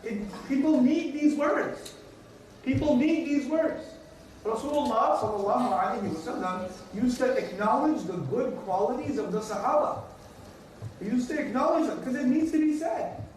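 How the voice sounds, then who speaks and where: High-voiced man lecturing in an echoey room. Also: normal speed, darkish tone. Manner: emphatic, repeats key lines, acts out everyday dialogues. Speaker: Islamic teacher. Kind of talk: religious lecture. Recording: echoey room, distant mic, faint noise.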